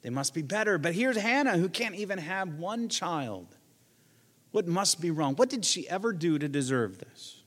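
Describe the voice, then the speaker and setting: A man's voice: high-pitched, sing-song, normal speed, fairly bright tone, in a large hall. A man, a pastor, preaching a sermon in a conversational way, with joking asides and quoted lines he acts out.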